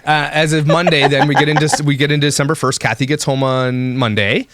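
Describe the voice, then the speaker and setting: A man's voice: fairly high pitch, steady tone, brisk, a bit bright, slight background noise. A man in his thirties co-hosting a podcast, rambling in casual chat and restarting his sentences often. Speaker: podcast co-host.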